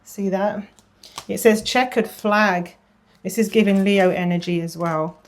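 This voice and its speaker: A woman giving a casual tarot reading, chatty, often repeating phrases and dropping into a soft murmur. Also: mid-range voice, fairly even intonation, unhurried. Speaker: tarot reader.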